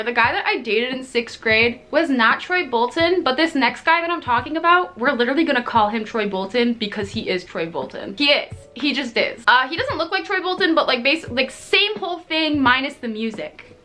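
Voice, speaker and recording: Bright, high-voiced chatty young woman. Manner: chatty, animated, frequent "like" and laughs; swearing, exaggerated indignation. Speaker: streamer and YouTuber. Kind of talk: casual storytime vlog.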